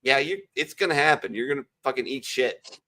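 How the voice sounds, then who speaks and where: On a video call from home, a male podcast host with a mid-range voice talks briskly, his delivery pushed and bright. He's leading a laid-back virtual chat with fellow veterans, wandering through his views in a blunt, profane way.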